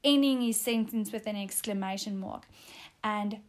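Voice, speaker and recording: A woman giving a devotional testimony in an earnest way, often pausing with um. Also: medium pitch. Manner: earnest, with frequent um fillers. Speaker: speaker sharing a testimony.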